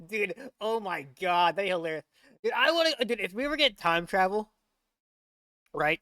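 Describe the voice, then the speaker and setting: A man's voice: very high voice, sing-song, a little slow, sharp tone, no room sound. A young man hosting a casual reaction stream, rambling with many fillers and laughs into a desk mic. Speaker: VTuber reaction host.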